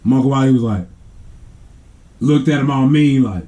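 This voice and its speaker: A man tells a family story straight to camera, casual and animated. He laughs often and acts out the sounds as he goes. His voice is mellow and warm, in a middle pitch. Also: moderate pace. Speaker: family vlogger.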